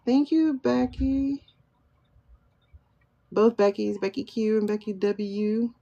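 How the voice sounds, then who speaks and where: Her warm, creaky voice is a little high with fairly even intonation, and she takes it slowly over lo-fi sound. Hosting a tarot livestream on her phone as a tarot and pendulum reader, she muses aloud, greets viewers by name, and answers questions she asks herself.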